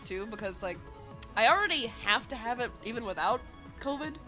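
A woman's voice: a little high, animated, fairly quick, bright, forceful tone, soft background music. A woman streaming live in casual chat, sick and congested with a nasal, duck-like voice, bubbly and giggly and swearing freely.

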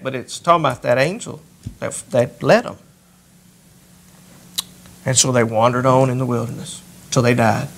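A man's voice: vocal fry, a bit bright. A male pastor preaching a sermon, lifting his voice when he reads scripture aloud. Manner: rises in pitch and volume when reading scripture aloud.

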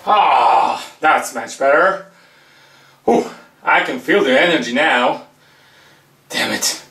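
A man's voice: on the high side, animated, slow, sharp tone, roomy sound. A man acting out a comedy sketch, talking to himself in a theatrical, exclaiming way with swearing.

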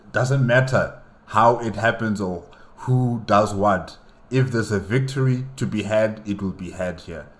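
A low-voiced man gives casual reaction commentary and argues straight at a character on screen. His talk is loose and rhetorical, with repeated points and plenty of fillers. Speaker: reaction video host.

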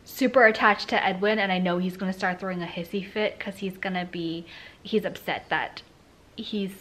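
A woman's voice: medium pitch, fairly even intonation, normal speed, fairly bright tone. A woman filming a casual home vlog, often laughing and cooing baby talk to her dog. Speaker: vlogger.

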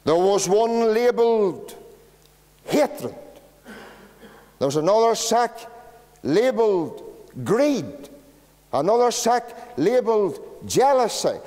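High-voiced Northern Irish pastor. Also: male voice, slow pace, long pauses. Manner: lively, homely storyteller. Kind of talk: storytelling sermon. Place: church. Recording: long church reverb.

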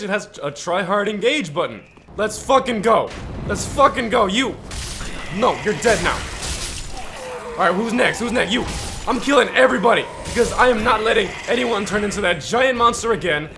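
A high-voiced man commentates his video game playthrough, swearing and yelling at it. His pitch jumps all over the place, and he drops into mock-heroic lines now and then. Music plays clearly behind him. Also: expressive, fairly quick. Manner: loud, profane, screaming reactions to the game. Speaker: gaming YouTuber. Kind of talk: let's play commentary.

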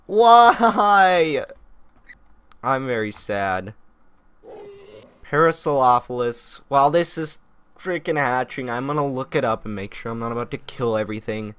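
A young man giving excitable let's-play commentary on a modded game, talking to the animals on screen. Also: fairly high pitch, smooth, no echo. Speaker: gaming youtuber.

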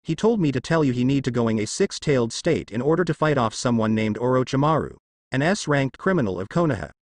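A man's voice: mid-range voice, expressive, fairly quick, dry recording, clean studio sound, natural voice. A man voicing a small, loyal male fox summon who reports formally and respectfully. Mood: dutiful.

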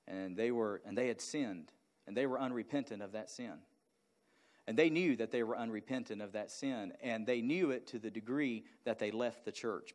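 A male pastor preaching a sermon, moving from a quiet personal story into loud, fervent exhortation to the congregation. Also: fairly low pitch. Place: church sanctuary.

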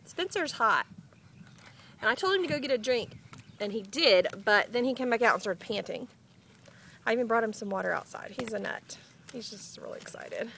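A young woman, gushing and excitable as she chats casually through an unboxing vlog. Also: a little high, normal speed, pauses often, slight background noise. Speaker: vlogger.

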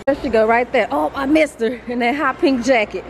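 A woman vlogging casually, chatty and excitable, talking straight to her viewers while out at a mall. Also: sits high, a little fast, creaky, background noise. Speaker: beauty vlogger. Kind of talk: casual vlog chat to camera. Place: out and about in a mall and car.

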